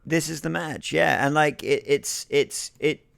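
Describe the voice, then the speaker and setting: A man's voice: fairly high pitch, measured pace, vocal fry, fairly bright tone, dry recording, studio quality. A man co-hosting a wrestling podcast, telling stories in a casual, chatty watch-along with frequent swearing and restarts. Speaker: podcast co-host.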